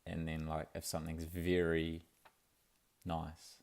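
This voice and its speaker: A man's voice: rumbling low, completely flat delivery, slow pace, a little mellow. A young man, talking in a laid-back, rambling way for his video diary, full of fillers and restarts. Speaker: vlogger.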